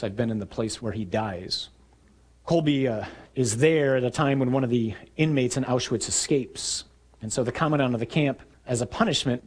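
A man preaching a sermon, telling stories vividly and acting out shouted lines. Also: medium pitch, slightly rough. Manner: animated storytelling, acting out shouts.

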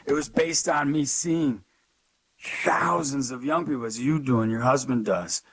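A man sharing an emotional story in an interview, preaching with animated energy and acting out the dialogue. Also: mid-range voice, measured pace, slightly rough, no echo. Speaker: youth speaker.

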